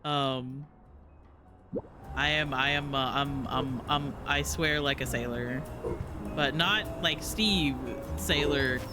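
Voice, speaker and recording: With a mid-range voice and an unhurried pace, a man chats casually while streaming a game. His talk rambles and giggles along, full of fillers and restarts, with music playing behind him.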